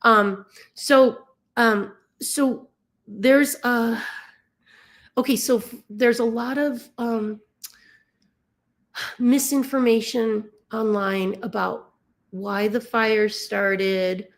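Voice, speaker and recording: A woman from the Los Angeles area, emotionally tired, explaining things casually in a halting way, with many fillers and stumbles. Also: fairly high pitch, fairly even intonation. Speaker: dog rescue volunteer. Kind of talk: casual explainer while sharing a map on screen.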